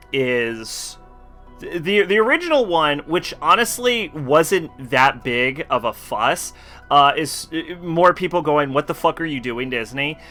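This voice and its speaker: This man streams a video game while chatting casually, his voice fairly high in pitch and sharp in tone. His live-stream talk rambles and is profane, packed with fillers and swearing.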